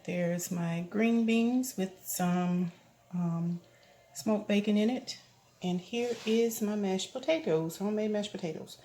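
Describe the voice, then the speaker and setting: A woman's voice: medium pitch, takes it slowly, mellow. A woman giving a casual home cooking demonstration, chatting homily to her viewers in her kitchen. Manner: homey, chatty, addresses viewers as "y'all". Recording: echoey kitchen with background noise.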